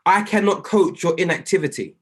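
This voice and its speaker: Emphatic high-voiced male trading mentor. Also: brisk. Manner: emphatic and preachy, repeats key phrases. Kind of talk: motivational coaching call. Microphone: online group call.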